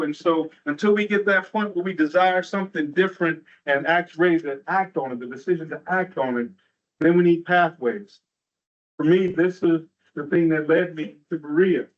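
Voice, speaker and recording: Man telling stories at a training event. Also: sits high. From Atlanta, US. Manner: rhythmic, storytelling delivery with rhetorical asides. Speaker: keynote speaker at a training. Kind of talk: motivational storytelling talk. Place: large room at a training event. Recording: muffled, distant from the mic.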